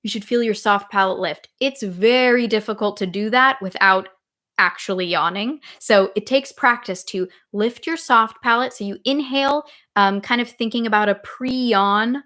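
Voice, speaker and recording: This woman teaches singing in a live online session, relaxed and explanatory, with sung vowels as demonstrations. Her pitch is mid-range and her pace moderate.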